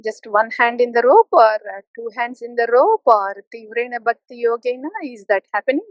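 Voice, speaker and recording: Woman spiritual teacher, high voice, dry close recording, playful then urgent sermon delivery. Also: moderate pace, dry recording, lo-fi sound. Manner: playful, mimics complacent listeners with soft laughs. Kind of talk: devotional talk.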